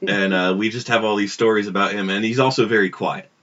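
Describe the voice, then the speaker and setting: Lo-fi, bright-voiced man telling a story. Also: fairly low pitch, fairly even intonation, fast talker. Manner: rambling, self-interrupting storyteller. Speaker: podcast co-host. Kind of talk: casual storytelling chat. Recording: dull lo-fi podcast audio.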